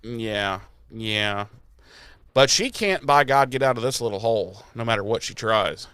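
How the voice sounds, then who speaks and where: A man's voice: fairly low pitch, expressive, a little slow, a bit bright, smooth, no room sound. A man hosting a podcast, recapping an episode in a casual, jokey, sweary way. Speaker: podcast host.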